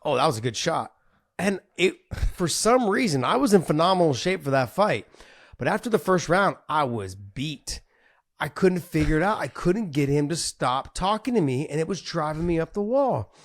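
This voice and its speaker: A man co-hosting a fight podcast, telling animated stories in casual chat and swearing freely. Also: fairly high pitch, normal speed. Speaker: podcast co-host, former fighter.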